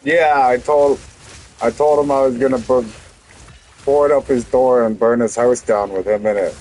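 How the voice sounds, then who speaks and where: A man's voice: mid-range voice, steady tone, normal speed, darkish tone, low-quality recording. A young man, a streamer telling a heated story to his chat, swearing often and restarting his sentences.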